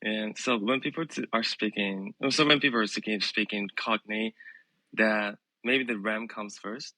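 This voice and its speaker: Young guy from china calling in, husky bright voice, very dry sound. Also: on the low side, fairly even intonation, a little slow, no room sound, low-quality recording. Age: young adult. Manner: laughs often, easygoing. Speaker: caller. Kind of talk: casual chat as a caller.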